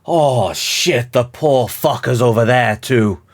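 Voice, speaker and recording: A man's voice: very deep voice, completely flat delivery, slow pace, breathy edge, heavily acted. A man voicing a foul-mouthed male onlooker who curses and pities a captive giant, as a tabletop game master. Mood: dismayed. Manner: cursing, pitying.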